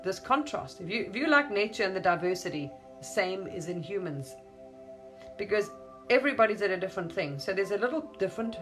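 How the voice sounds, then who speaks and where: A woman's voice: mid-range voice, fairly bright tone. Gushing, rambling spiritual woman. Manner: gushing, repeats wow and amazing, laughs often. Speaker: spiritual teacher.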